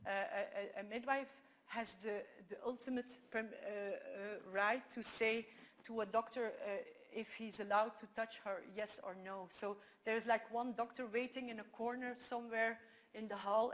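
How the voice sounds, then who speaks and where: A woman with a Flemish accent, whose first language is Dutch, giving a conference talk full of lively anecdotes and frequent restarts. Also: on the high side, moderate pace. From Belgium. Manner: animated storytelling with frequent restarts. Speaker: speaker.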